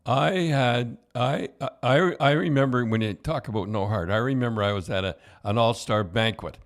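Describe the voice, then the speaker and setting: An older man, a podcast host and former coach, telling hockey stories in a rambling, halting way with chuckles. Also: mid-range voice, creaky. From Canada. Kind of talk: casual storytelling.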